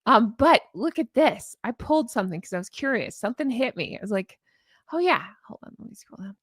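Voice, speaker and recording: A woman's voice: on the high side, animated, quick pace, husky, no echo, studio quality. A woman hosting a casual live-stream commentary, chatty and gushing as she reads viewer comments aloud. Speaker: YouTube commentary host.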